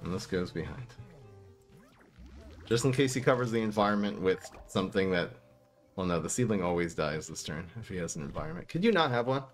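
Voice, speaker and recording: A man giving casual commentary as he plays a card game, swinging between low muttering and exasperated outbursts. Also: animated, brisk, soft background music. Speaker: gaming streamer.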